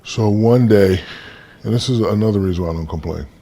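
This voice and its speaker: Big deep gravelly guy, dark mellow voice, laid-back storyteller, bit of hiss behind. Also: a little fast. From United States. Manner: relaxed storyteller, acts out quoted dialogue. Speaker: interview guest. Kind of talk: casual storytelling in an interview.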